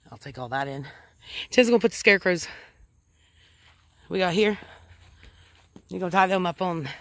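A vlogger with a Midwestern American accent and a lowish, slightly bright voice chats casually around her home kitchen and yard. A bit out of breath, she talks to both her pets and her viewers.

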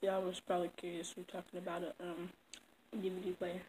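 Eating on camera, a woman vlogger keeps up a casual, chatty conversation with her viewers, often with her mouth full. She speaks fairly quickly in a fairly low, monotone, slightly mellow voice over a noisy background.

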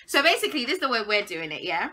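A woman's voice: a little high, sing-song, very fast, pushed and bright, a little hiss or hum. A young woman hosting a casual video chat, playful and giggly. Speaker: YouTuber host.

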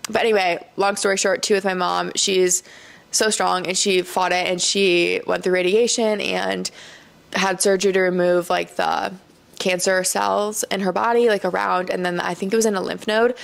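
Her voice sits in the mid range with little pitch movement, creaky, at a normal speed. This young Iowan woman runs a solo podcast, chatting candidly with plenty of fillers and frequent laughter, though she is choked up and near tears.

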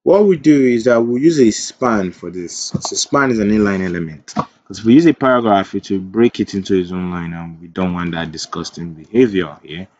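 A man's voice: low voice, normal speed, a little mellow, lo-fi sound, a little hiss or hum. A man teaching web development in a screen-recorded coding tutorial. He thinks aloud as he types, corrects himself, and drifts into chatty asides.

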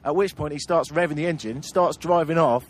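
A man's voice: on the high side, a little fast. A man hosting a travel podcast, telling road-trip anecdotes in casual chat and laughing through them.

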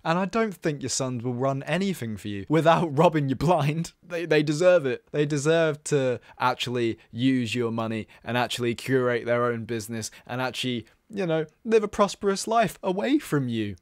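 A man's voice: mid-range voice, normal speed, hardly any pauses, dry recording, clean studio sound. Exasperated man reacting in disbelief. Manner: exasperated, incredulous, repeats himself. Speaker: commentator. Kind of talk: reaction commentary.

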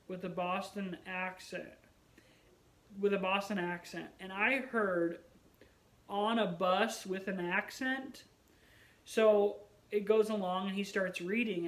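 A man's voice: high voice, low-quality recording. A man vlogging in a casual chat to the camera, rambling and musing aloud with wry, self-mocking humor.

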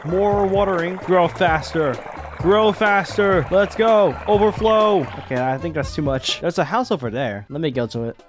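A gaming YouTuber narrates his own let's-play, reacting with excited exclamations and laughter at a moderate pace with few pauses. His voice is a little on the higher side, and music plays clearly beneath him.

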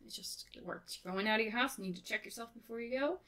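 A woman's voice: a little high, fast talker. Chatty woman in her thirties. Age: 30s. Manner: relaxed, rambling, chatty with fillers. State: tired, winding down. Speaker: game build creator. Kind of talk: casual voice-over narration of a build.

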